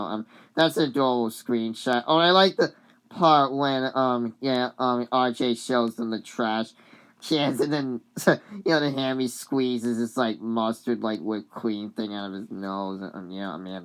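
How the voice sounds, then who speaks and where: A woman's voice: a bass voice, smooth. A woman vlogger casually recapping a cartoon, rambling with many fillers and giggles.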